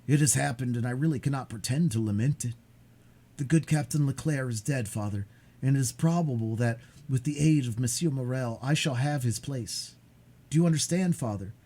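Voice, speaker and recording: A man reading aloud, voicing an eager, impulsive young sailor who speaks with excited emphasis. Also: mid-range voice, moderate pace, close to an everyday voice. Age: young adult.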